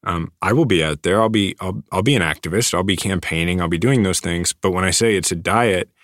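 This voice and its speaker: Deep voiced guy in his 30s, earnest, lots of restarts, dry mic. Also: fairly bright tone, no room sound. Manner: earnest, halting with many restarts. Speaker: guest. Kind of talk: casual interview talk.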